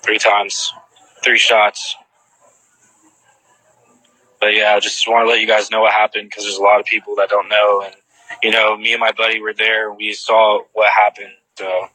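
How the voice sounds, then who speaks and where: A man's voice: lowish voice, monotone, moderate pace, long pauses, bright, forceful tone, no echo, low-quality recording. A man casually retelling what he witnessed and answering viewers' questions, rambling with lots of "like" fillers and restarts.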